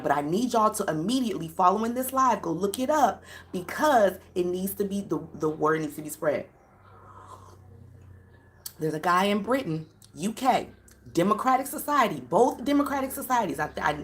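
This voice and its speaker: Emphatic woman with a lively, swooping voice. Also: medium pitch. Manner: emphatic, repeats points for emphasis; addresses viewers directly. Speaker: live-stream commentator. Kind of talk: casual live-stream commentary.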